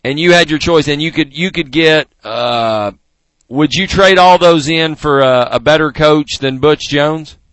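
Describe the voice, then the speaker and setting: A man's voice: fairly high pitch, unhurried, fairly bright tone, no room sound. A male radio host rambles through a teasing comedy bit, packed with fillers and restarts. He sits close to a studio mic, and the sound is dry and dead.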